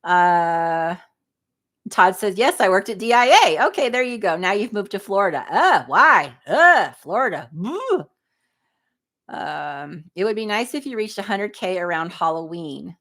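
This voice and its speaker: A woman's voice: fairly low pitch, expressive, a little slow, a bit bright. A woman, hosting a casual livestream, chatting and reading viewer comments aloud with frequent laughter. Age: 50s. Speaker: livestream host.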